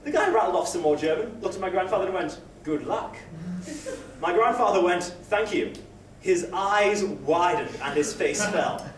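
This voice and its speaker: Young guy doing open mic standup, pretty high voice, rambly and sweary, roomy echo and background noise. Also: brisk, few pauses, distant mic. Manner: rambling, self-deprecating, sweary. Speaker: stand-up comedian. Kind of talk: stand-up comedy set. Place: open mic comedy night, indoor room. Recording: echoey room recorded from afar, noisy.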